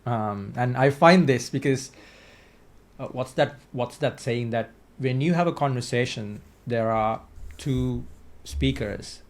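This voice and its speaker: A man's voice: medium pitch, slow pace. Hesitant, reflective male podcast host. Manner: reflective, hesitant fillers, frequent tag question "right?". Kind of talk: casual interview conversation.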